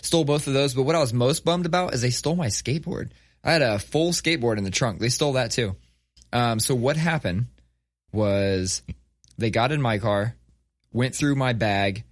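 A man's voice: medium pitch, dry recording, studio quality. A man in his thirties telling a story in casual, profane conversation, acting out quotes as he goes. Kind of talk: casual chat.

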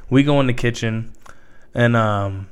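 A young man co-hosting a laid-back podcast, spinning party stories with plenty of energy. He slips into funny voices whenever he quotes somebody. His pitch sits in an ordinary middle range. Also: measured pace, clean tone. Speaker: podcast co-host. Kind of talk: casual storytelling chat.

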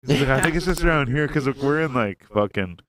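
A man's voice: medium pitch, lively intonation, fast talker, fairly bright tone, no room sound. A man telling a story in casual chat, rambling and swearing, acting out what people said. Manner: rambling, profane, acts out quotes.

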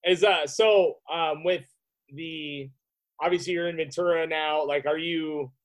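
A man's voice: on the high side, steady tone, unhurried, no echo. A man co-hosting a podcast, asking easygoing questions in casual chat.

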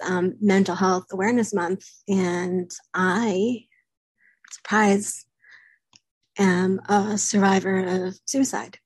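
Woman vlogger, husky and breathy, candid confessional to camera, dry close sound. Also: medium pitch, darkish tone, no room sound. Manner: candid, halting, with frequent pauses and fillers. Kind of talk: personal confessional talk to camera.

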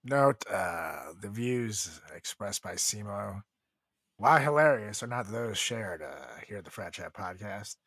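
A man's voice: on the low side, expressive, measured pace, fairly bright tone, breathy edge, no room sound. A young man co-hosting a podcast in casual chat, joking and laughing, often mimicking other voices. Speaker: podcast co-host.

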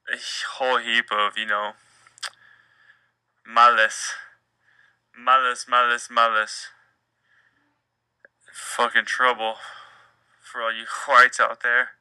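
A man's voice: mid-range voice, little pitch movement, slow pace, long pauses, bright, forceful tone, smooth, no room sound, low-quality recording. A young man hosting a casual solo podcast, telling a rambling, profane and jokey story. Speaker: podcast host.

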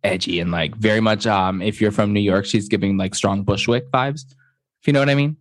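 Campy low-voiced man gossiping. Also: a little fast, dry recording, clean studio sound. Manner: campy, chatty, swears freely. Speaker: podcast co-host. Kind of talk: casual gossip chat.

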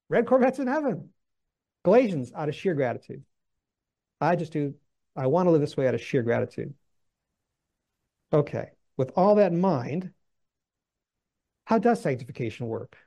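A man teaching a Bible class, emphatic and animated, firing rhetorical questions at his listeners. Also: sits high.

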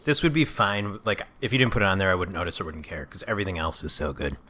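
A man's voice: low voice, very animated, quick pace, sharp tone. A young man co-hosting a podcast, chatting casually and gushing enthusiastically about the food he tastes. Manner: enthusiastic, rambling, savoring food. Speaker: podcast co-host. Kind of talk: casual food review chat.

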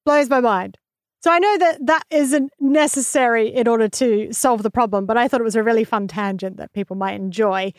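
Upbeat woman host, kinda high voice, smooth, explaining stuff on a podcast. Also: fairly quick, no room sound, clean studio sound. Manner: enthusiastic, explanatory. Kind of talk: casual chat on a science podcast.

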